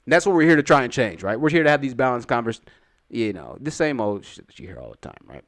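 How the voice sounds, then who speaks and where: A man's voice: mid-range voice, big pitch swings, quick pace. A man giving casual reaction-video commentary, rambling and repeating himself in a candid, confessional way. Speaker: YouTube commentator.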